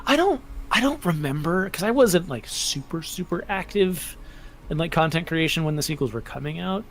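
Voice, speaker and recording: A man co-hosting a podcast, telling his views in an animated, chatty way during a casual fan chat. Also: on the high side, moderate pace, a little hiss or hum. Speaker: podcast co-host.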